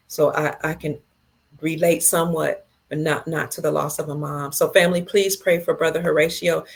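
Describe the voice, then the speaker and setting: Woman, low voice, middle-aged, casual livestream host, reads comments aloud, slow and tender replies. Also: vocal fry, husky.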